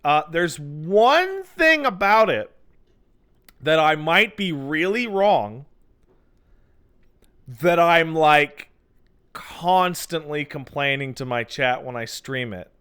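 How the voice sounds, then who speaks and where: Animated, swearing man on a podcast. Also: on the high side, slow, long pauses, clear, resonant tone. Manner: animated storyteller, acts out mock-exasperated quotes, swears freely. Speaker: podcast co-host. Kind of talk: casual podcast chat about video games.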